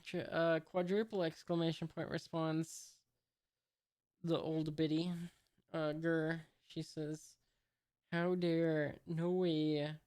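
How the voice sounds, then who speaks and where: Slow hesitant comic reader, smooth clear voice, reads punctuation aloud. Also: mid-range voice, a little mellow. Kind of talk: casual read-aloud commentary.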